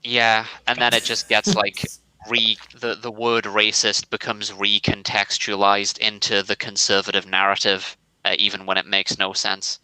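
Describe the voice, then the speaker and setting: A male co-host in a casual stream chat, measured and hesitant as he thinks aloud. His voice is low and flat, with a very bright, crisp tone and a dry, close sound. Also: dry recording, rough recording.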